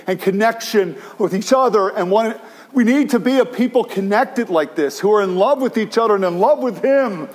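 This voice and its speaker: A male pastor preaching a sermon, impassioned and repetitive, often restarting his phrases. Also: high-pitched. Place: church in San Francisco.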